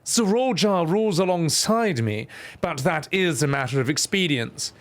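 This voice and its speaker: A man voicing a regal, composed queen in a game, speaking in a stately, measured way. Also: fairly high pitch, lively intonation, close to an everyday voice. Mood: gracious.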